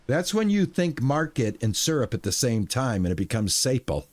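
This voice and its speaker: A man's voice: mid-range voice, big pitch swings, moderate pace, darkish tone. A man streaming a video game, talking through his play in a rambling, playful way with goofy exclamations. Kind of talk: casual gameplay commentary.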